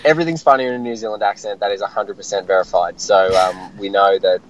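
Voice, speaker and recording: An excited man, a film critic chatting casually on radio with plenty of fillers. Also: fairly low pitch, fast talker, highs cut off, slight background noise.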